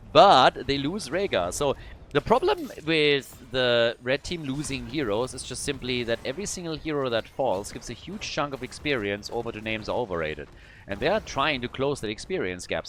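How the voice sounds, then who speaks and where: A man casting a live esports match, calm analysis broken by sudden bursts of hype. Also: mid-range voice. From Germany. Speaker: esports caster. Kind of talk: live esports play-by-play commentary.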